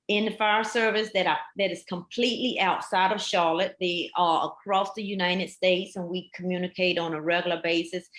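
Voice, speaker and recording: A woman's voice: mid-range voice, fairly bright tone. A woman, a fire captain on a panel, telling her story earnestly and emphatically, with many repetitions. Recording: echoey room.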